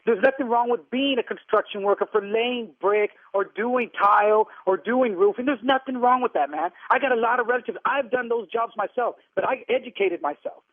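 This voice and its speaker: A man's voice: very high-pitched, no echo. A man on a phone call, arguing indignantly and firing off insults. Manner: indignant, insulting, rapid-fire retorts. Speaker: prank call target. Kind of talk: heated phone argument. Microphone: telephone. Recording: tinny phone line.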